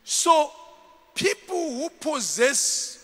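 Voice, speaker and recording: A man preaching a sermon as a bishop, dramatic and animated, jumping from shouts to low murmurs. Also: extremely slow, in a large hall.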